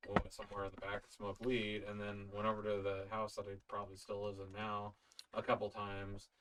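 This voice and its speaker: A man's voice: on the low side, monotone, a bit bright, recorded from a distance, a little hiss or hum. Young guy on a podcast, kinda unsure, lots of i dont know, plain voice. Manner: hesitant, halting with many "I don't know". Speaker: podcast co-host. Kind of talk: casual storytelling chat.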